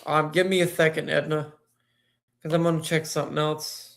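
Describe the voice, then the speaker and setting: A man's voice: on the high side, level tone, gravelly, fairly bright tone. Guy hosting a chill livestream, lots of uh and um, hesitant. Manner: hesitant, many fillers and pauses. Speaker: livestream host. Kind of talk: casual livestream chat.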